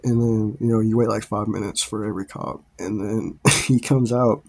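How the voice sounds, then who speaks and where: A man's voice: lowish voice, fairly even intonation, normal speed, a little mellow. A man laughing through a rambling story. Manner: laughs often between lines, swears freely; rambling, with many fillers and restarts. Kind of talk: casual storytime.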